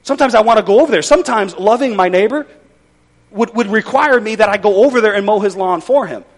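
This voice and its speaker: A man's voice: high-pitched, fast. A male pastor preaching a sermon in a conversational, folksy way with wry humor.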